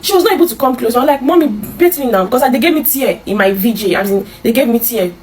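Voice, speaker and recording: A Nigerian woman telling her own life story in an interview, halting and repeating herself, with many restarts. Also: a little high, darkish tone, rough recording. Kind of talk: emotional personal storytelling.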